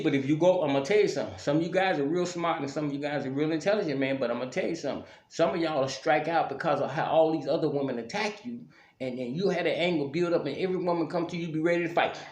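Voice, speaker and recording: A man giving preachy relationship advice straight to viewers in a casual monologue, often checking "you see what I'm saying". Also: on the high side. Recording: echoey room.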